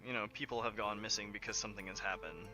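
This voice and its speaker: Low-voiced man narrating a tabletop game. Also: fairly even intonation, fast. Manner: casual, filler-heavy narration. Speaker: game master. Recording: background music under the voice.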